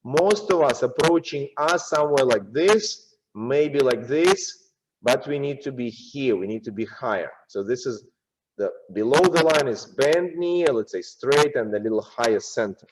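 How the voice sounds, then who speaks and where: A man's voice: medium pitch, lively intonation, unhurried, noisy background. A man with a Russian accent teaching a dance masterclass, counting and chanting the rhythm as he demonstrates. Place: dance studio. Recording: roomy, distant, dull studio sound.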